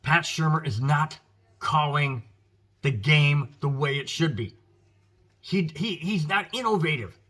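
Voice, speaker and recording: Male American host, fired-up football rant, husky bright voice, a touch high. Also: expressive, unhurried. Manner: emphatic, frustrated, addresses viewers as guys. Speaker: sports podcast host. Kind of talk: opinionated football commentary.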